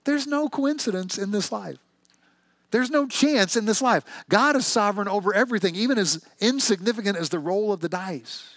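Animated male pastor preaching. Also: sits high, moderate pace, no room sound. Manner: conversational, animated storytelling with rhetorical questions. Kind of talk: sermon.

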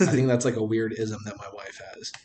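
A man's voice: on the low side, steady tone, a little fast, dark tone, slight background noise. Rambling, jokey guy chatting. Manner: rambling, filler-heavy, laughs often; jokey, breaks into mock voices. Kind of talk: casual chat.

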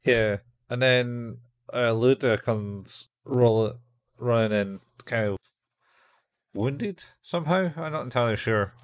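A man's voice: medium pitch, slow, clean tone, no room sound. A man co-hosting a podcast, casually recapping an anime episode in a rambling way and acting out the characters' lines. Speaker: podcast co-host.

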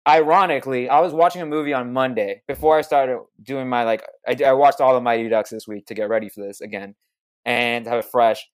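A man hosting a casual podcast chat about a movie, talking in an animated, rambling way. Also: mid-range voice, a little fast, clean tone. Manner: animated, rambling, quotes characters.

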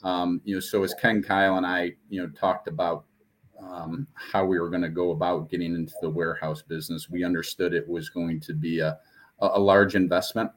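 A man's voice: deep voice, level tone, brisk. A company leader answering interview questions, a man who stammers and restarts his sentences.

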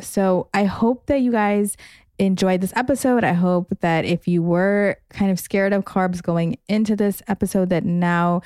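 A woman's voice: fairly low pitch, a little mellow, no echo, studio quality. A woman with a Boston accent co-hosting a nutrition podcast, chatty and laughing often. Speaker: podcast co-host. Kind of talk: casual chat.

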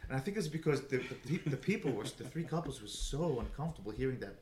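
A man telling a story in casual podcast chat as a guest, animated, restarting his sentences and swearing freely. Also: medium pitch, fast talker, slight background noise.

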